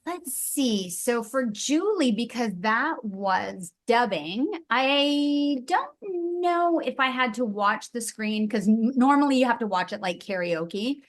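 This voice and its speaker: A woman voice actress chatting casually as an interview guest, bubbly and quick to giggle. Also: on the high side, lively intonation.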